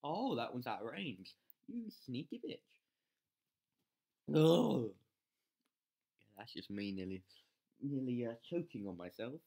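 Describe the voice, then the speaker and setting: A gamer commentating live gameplay, excitable, yelling at troops, swearing and mocking themself. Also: mid-range voice, unhurried, long pauses. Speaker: game channel host.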